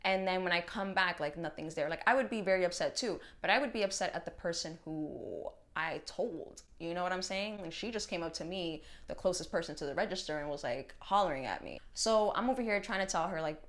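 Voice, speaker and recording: A woman vlogger telling a casual storytime, animated and slangy and cursing freely. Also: on the low side, fairly quick.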